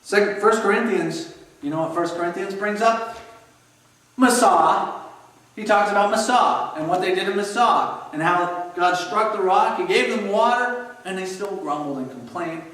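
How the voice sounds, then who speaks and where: Pastor guy preaching, lively storyteller, high-ish voice, far off mic in a super echoey church. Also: normal speed. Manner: animated storytelling, acts out scenes. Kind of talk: sermon. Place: church sanctuary.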